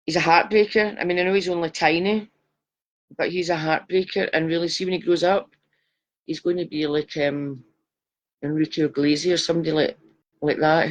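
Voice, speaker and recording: A woman giving live psychic readings, chatty and affectionate, calling viewers darling. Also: low-pitched. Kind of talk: live-stream chat reading viewers' photos.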